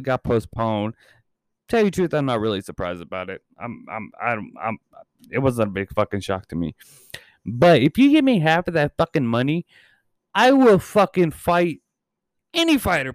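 A man in his thirties rambles through a casual podcast chat, cursing freely as he goes. His voice is smooth and resonant, recorded close and dry with no room sound. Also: on the high side, no echo. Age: 30s. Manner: rambling and heavily profane. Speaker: podcast and channel host.

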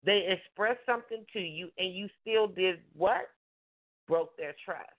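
A woman life coach with a fairly low voice hosts a call-in show, giving relationship advice at a measured pace. She preaches emphatically, repeats her points, and mimics the voices of the couples she describes, all over a tinny phone line.

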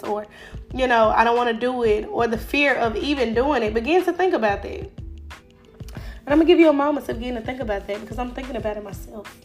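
A woman talks through a faith-based motivational podcast, her fairly high voice stuffy from a cold. She speaks casually and encouragingly, leaning on fillers. Faint music plays underneath. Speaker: podcast host.

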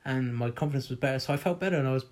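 A man's voice: mid-range voice, rapid-fire, darkish tone. A man casually telling a personal story, candid and rambling, with plenty of ums and the odd swear.

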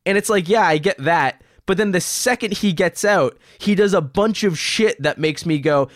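A man's voice: high-pitched, normal speed, few pauses, no echo, clean studio sound. A man recapping a movie plot on a podcast in casual chat, blunt, profane and sarcastic. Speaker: podcast co-host reviewing a movie.

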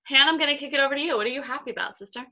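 Young woman gabbing on a video call podcast, bright voice, bubbly and rambly. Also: high voice, rapid-fire, dull audio. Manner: chatty, upbeat, lots of fillers. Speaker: podcast co-host. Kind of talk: casual chat.

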